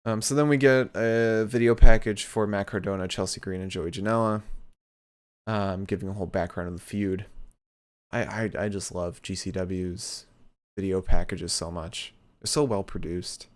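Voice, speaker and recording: A man co-host casually recapping a wrestling show and sharing eager opinions. He stammers and restarts his sentences often. His voice sits a little low and sounds smooth. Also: steady tone, moderate pace. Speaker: podcast co-host.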